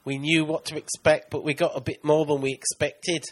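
A man putting on a Scouse accent to imitate a footballer's post-match quote, in a reluctant, flat mimicry. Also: on the high side, moderate pace, natural voice.

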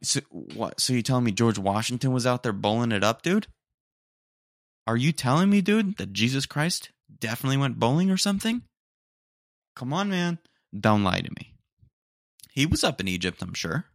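A man's voice: mid-range voice, animated, moderate pace, vocal fry, pauses often, no room sound, clean studio sound. A young man hosting a casual solo podcast, rambling in slangy, mock-indignant asides and saying "dude" again and again. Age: young adult. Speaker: podcast host. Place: room at home, roommates nearby.

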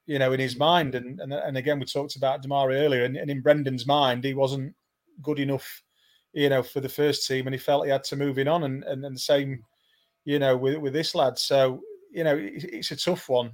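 A man's voice: medium pitch, little pitch movement, fairly quick. A man co-hosting a casual football discussion, sharing opinions with hesitant starts and repeated words. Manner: hesitant, repeats words before getting going. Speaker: co-host and football pundit.

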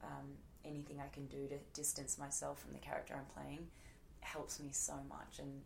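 A woman's voice: sits low, monotone, normal speed, gravelly, slight background noise. A woman in her thirties with an Australian accent, chatting casually as an interview guest, full of fillers and restarts. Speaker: actress guest.

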